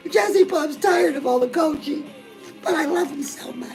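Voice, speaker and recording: Woman host, middle-aged, high and gravelly, gushing chatter aimed at her girls. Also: normal speed, darkish tone, faint music behind, low-quality recording. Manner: gushing, chatty, keeps calling the viewer girl. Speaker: fitness and lifestyle show host. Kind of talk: comedic character monologue.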